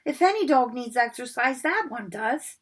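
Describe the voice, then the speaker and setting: A woman's voice: on the high side, lively intonation, moderate pace, pitched above the performer's own voice. A woman reading aloud, voicing a wry schoolboy who jokes dryly. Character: wry red-haired schoolboy, joking.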